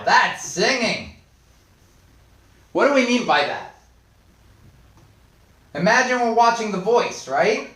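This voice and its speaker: A man leads a live online Spanish lesson with a playful, animated manner, reacting to viewers' comments as he goes. His voice sits high and swings widely in pitch while he speaks at an unhurried pace. The recording carries a noticeable room echo. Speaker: Spanish teacher. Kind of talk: live online language class.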